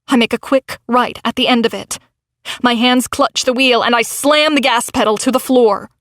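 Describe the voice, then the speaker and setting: A woman's voice: a little high, fairly even intonation, normal speed, a bit bright. Woman reading a tense novel aloud. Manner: dramatic, tense storytelling. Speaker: audiobook narrator. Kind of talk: first-person novel reading.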